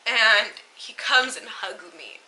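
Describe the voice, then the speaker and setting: A young woman telling a personal story on her vlog in a casual, halting way, turning tearful. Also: a little high, expressive, pushed and bright, a little hiss or hum, rough recording. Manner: emotional, tearful retelling, halting. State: crying at times. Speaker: vlogger.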